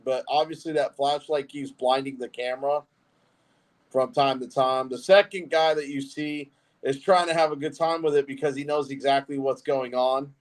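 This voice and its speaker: A man's voice: mid-range voice, fairly even intonation, moderate pace. Blunt, profane male stream host. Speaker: host reacting to videos. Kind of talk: live-stream commentary.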